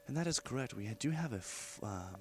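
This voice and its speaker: A man doing mock broadcast commentary as an event reporter, speaking in a deadpan, mock-formal announcer tone. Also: mid-range voice, a little fast.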